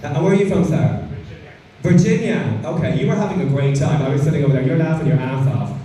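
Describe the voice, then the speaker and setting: A man's voice: on the high side, lively intonation, fast talker. An Irish man doing stand-up, teasing the audience with profane, cheeky crowd work. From Ireland. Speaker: stand-up comedian. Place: comedy club stage. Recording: echoey club from far off. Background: laughing crowd.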